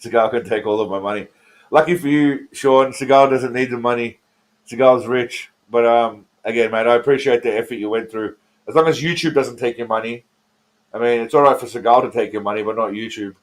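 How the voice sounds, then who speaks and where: A man's voice: medium pitch, fairly even intonation, a little fast. An Australian man streaming live, joking and rambling as he talks to his chat by name while reacting to trailers.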